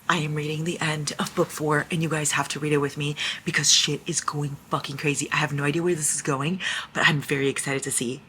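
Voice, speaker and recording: A young woman talking excitedly in a casual reading vlog, gushing and swearing as she reacts to a book. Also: sits low, brisk, a little hiss or hum. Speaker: book vlogger.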